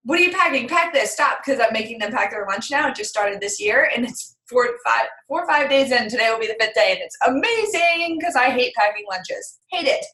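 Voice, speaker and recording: A woman in her thirties talks casually on a group call, with a bright, fairly high voice. She tells her stories with animated, quoted back-and-forth. The sound carries a noticeable room echo. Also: a little fast, hardly any pauses. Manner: chatty, animated storytelling with acted quotes. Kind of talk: casual chat.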